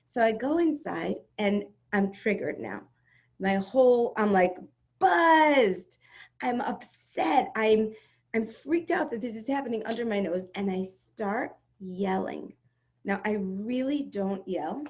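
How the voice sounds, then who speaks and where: A middle-aged woman speaking as a spiritual teacher in an online class, recounting a personal story with lively, dramatic energy. Her voice sits in a middle register. The video-call audio sounds somewhat muffled. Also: mid-range voice, slow. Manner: animated, dramatic retelling with acted-out quotes.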